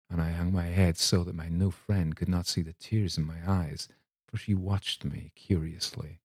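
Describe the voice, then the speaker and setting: A man reading a classic short story aloud in measured, scripted narration. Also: low-pitched, steady tone, darkish tone, husky, no room sound, studio quality. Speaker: story reader.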